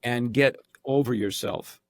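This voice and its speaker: A man's voice: medium pitch, measured pace, dry recording. A man guesting on a podcast, talking casually and playfully, slipping into demonstration voices as he explains. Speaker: actor and impressionist guest.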